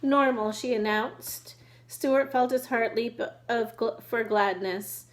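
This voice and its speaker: A woman reading a children's book aloud at a steady pace, now and then restarting a word. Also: fairly high pitch, takes it slowly, poor audio. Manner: steady reading with occasional restarts over words. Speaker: reader.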